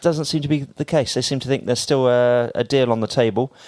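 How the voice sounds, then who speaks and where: A man's voice: mid-range voice, brisk, darkish tone, dry recording. Jokey man reading pop-culture news. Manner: jokey, reads news from notes. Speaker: podcast co-host. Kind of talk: casual chat.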